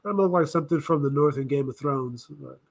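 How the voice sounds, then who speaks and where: A man riffing through casual reaction commentary with a voice pitched a little high. He thinks out loud, wanders off track and corrects himself as he goes. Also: fast, creaky. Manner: rambling, thinking aloud, self-correcting. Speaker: reaction video host.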